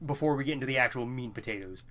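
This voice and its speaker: A man's voice: medium pitch, rapid-fire, sharp tone. A man giving casual, rambling commentary while playing a video game, often tripping over words. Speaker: let's play host.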